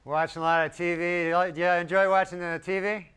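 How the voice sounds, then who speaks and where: A man doing a stand-up routine in a deadpan, rambling way, chuckling at his own jokes. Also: high voice, fast talker, smooth. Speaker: stand-up comedian. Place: comedy stage with a live audience. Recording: live stage recording with loud crowd and noise.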